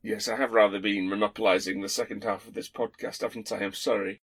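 A man's voice: on the low side, steady tone, fast talker, fairly bright tone, breathy edge. A man hosting a podcast, telling fond, rambling stories with playful asides. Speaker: podcast host. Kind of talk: casual chat.

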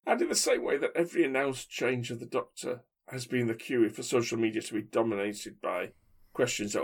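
A man co-hosting a casual chat podcast, wry and opinionated, thinking aloud with pauses. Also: mid-range voice, lively intonation, vocal fry, husky. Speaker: podcast co-host.

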